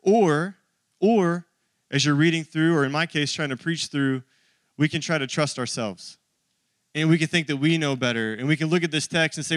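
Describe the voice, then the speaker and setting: A man's voice: fairly high pitch, normal speed, dry recording. A man in his thirties preaching a sermon to his church, conversational and joking with the congregation. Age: 30s. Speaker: pastor.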